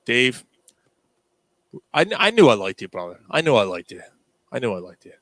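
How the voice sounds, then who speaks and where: A man's voice: mid-range voice, sing-song, normal speed, fairly bright tone, no echo. A man in his thirties hosting a casual sports podcast, telling stories in a profane, joking way. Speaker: podcast host.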